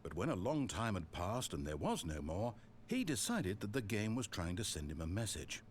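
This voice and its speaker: A man with a posh English accent voicing a dry, mocking male narrator in a game, speaking in a measured, sardonic way. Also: lowish voice, sing-song, a little hiss or hum. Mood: wry. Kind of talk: scripted narration.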